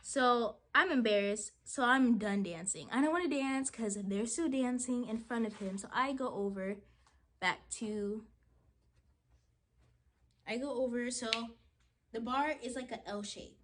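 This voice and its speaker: Animated young woman telling a story. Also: a little high, measured pace. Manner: animated, dramatic retelling with many "like"s. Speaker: vlogger. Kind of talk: storytime chat while getting ready.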